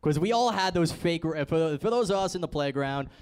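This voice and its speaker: A man's voice: fairly high pitch, lively intonation, a little fast, darkish tone, smooth. A man hosting a casual group chat, chatty, putting questions to his guests. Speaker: podcast host.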